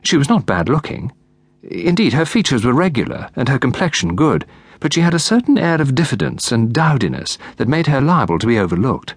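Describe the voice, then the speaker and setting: A man narrating an audiobook in a measured, expressive reading. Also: mid-range voice, breathy edge, no room sound. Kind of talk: scripted narration.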